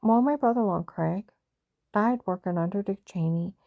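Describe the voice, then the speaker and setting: A woman's voice: mid-range voice, normal speed, gravelly, no echo, phone-quality sound. A woman telling a personal story in a rambling, agitated monologue, often reenacting conversations and repeating herself. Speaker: vlogger recounting a personal story.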